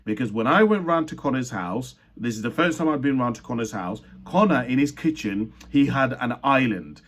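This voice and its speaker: A man's voice: mid-range voice, lively intonation, normal speed. Earnest man telling his life story. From Uganda. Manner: earnest, reflective, with frequent restarts and self-corrections. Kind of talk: personal storytelling talk.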